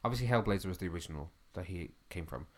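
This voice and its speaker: Man, very low voice, podcast co-host, curious questions, casual chat. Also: animated, very fast, darkish tone. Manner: curious, asks lots of questions.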